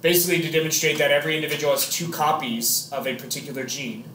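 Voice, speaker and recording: A man's voice: on the high side, quick pace, a bit bright, slight background noise. A man teaching a biology class, chatty and joking, quizzing his students as he explains. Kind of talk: classroom lecture. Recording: echoey classroom.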